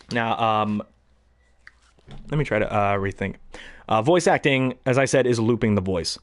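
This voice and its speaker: Rambling baritone man, lively pitch. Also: takes it slowly, pauses often, a little hiss or hum. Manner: rambling, frequent throat clearing. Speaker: hobby voice actor. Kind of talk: casual talk to camera.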